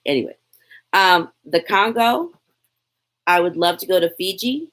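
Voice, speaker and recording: A chatty woman, hosting a casual live Q&A from her phone. Her voice sits fairly low, and she talks at an unhurried, slow pace. She reads comments aloud and laughs easily between answers. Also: animated, a bit bright. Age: 40s. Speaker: lifestyle vlogger, live Q&A host. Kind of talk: casual live-stream chat answering viewer questions.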